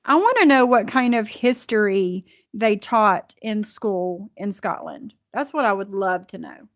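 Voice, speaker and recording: A woman's voice: medium pitch, animated, unhurried. A woman hosting a livestream, reacting bluntly to clips and reading out chat comments. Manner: blunt, indignant, reads chat comments aloud. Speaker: livestream host.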